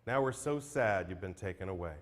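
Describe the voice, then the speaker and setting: Earnest guy reading memorial poems out loud as emcee, kinda apologetic about it, bouncy up-and-down delivery, big hall echo. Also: low-pitched, expressive, a little fast. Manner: earnest, self-deprecating reader. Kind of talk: reading tribute poems aloud, then introducing acts. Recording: long hall reverb.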